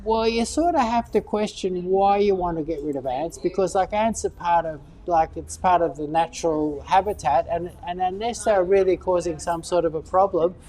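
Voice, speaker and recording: A woman's voice: fairly low pitch, normal speed, few pauses, dark tone. A woman answering gardening questions in a casual live Q&A, rambling and often repeating words as she thinks. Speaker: gardening expert. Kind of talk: casual Q&A chat.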